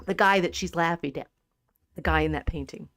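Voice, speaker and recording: A woman co-hosting a livestream, chatting casually about poetry with a lively, laughing manner and frequent restarts. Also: on the low side, a little fast, no room sound. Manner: animated and chatty, laughs often, trails off mid-sentence. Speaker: podcast co-host.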